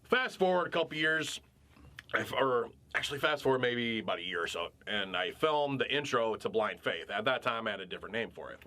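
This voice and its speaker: Bright-voiced man telling a heated story. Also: medium pitch, fairly quick. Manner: animated, profane storytelling. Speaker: podcast co-host. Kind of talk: casual chat.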